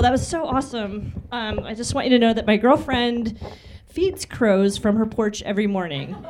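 High-voiced woman hosting live radio. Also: a little hiss or hum. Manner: loose, joking banter with the crowd. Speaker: host of live radio show.

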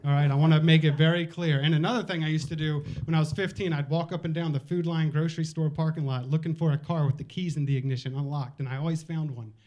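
A man's voice: on the high side, steady tone, fast talker, few pauses, darkish tone, lo-fi sound. A man from Virginia doing a loose, self-mocking stand-up set at a bar comedy night.

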